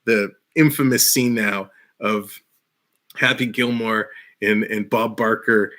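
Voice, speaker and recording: A man's voice: fairly low pitch, fairly even intonation, slow pace, fairly bright tone. A man hosting a casual live stream, rambling enthusiastically and laughing often while talking through a headset mic in a small room. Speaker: livestream host.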